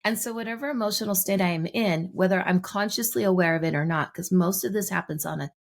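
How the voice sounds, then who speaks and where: A woman podcast guest explaining her ideas in a relaxed, explanatory way, telling anecdotes. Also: mid-range voice, fast talker, creaky. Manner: explanatory, tells anecdotes with acted-out dialogue. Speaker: guest, manifestation teacher. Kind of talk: podcast interview.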